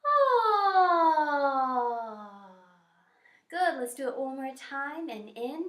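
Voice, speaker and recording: A woman teacher guiding students through breathing and posture warmups in an encouraging, instructive way. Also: high voice, recorded from a distance. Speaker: music teacher. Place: school music room. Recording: echoey room.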